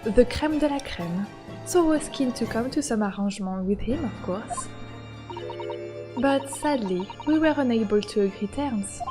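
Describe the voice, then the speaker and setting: An older French waxworks artisan, macabre and hushed, as a woman puts her on in an exaggerated accent. She speaks in a measured, theatrical way, high in pitch with lively swoops. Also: over music. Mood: sinister. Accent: French (put on).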